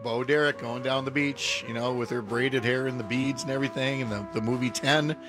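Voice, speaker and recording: A man's voice: mid-range voice, steady tone, a little fast, music in the background. A man hosting a morning radio show, chatting casually and laughing often with his co-hosts.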